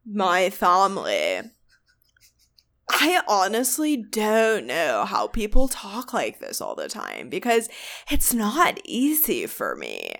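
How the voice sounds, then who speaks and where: Fast-talking, giggly woman podcast host. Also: mid-range voice, wildly swooping pitch, creaky, fairly bright tone. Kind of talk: casual chat.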